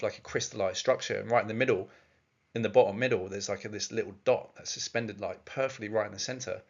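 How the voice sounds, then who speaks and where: A man's voice: lowish voice, dull audio. A man telling a long personal story in a casual, rambling way, with many fillers and restarts. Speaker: presenter.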